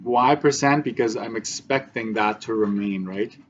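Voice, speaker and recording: A man's voice: lowish voice, moderate pace, a little hiss or hum. Man teaching a math lesson, muffled. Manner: talks through steps, frequent "right?" checks.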